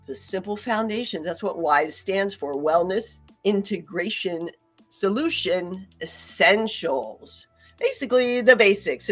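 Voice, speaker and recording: A woman hosting a casual talk, chatty and upbeat, laughing often and restarting her sentences. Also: mid-range voice. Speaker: host.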